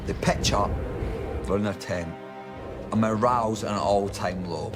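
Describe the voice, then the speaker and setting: A man's voice: on the low side, moderate pace, pauses often, music in the background. Drunk man telling a story. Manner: loose and slurring, swearing, jumping into loud silly character voices. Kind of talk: rambling drunk comic retelling of history.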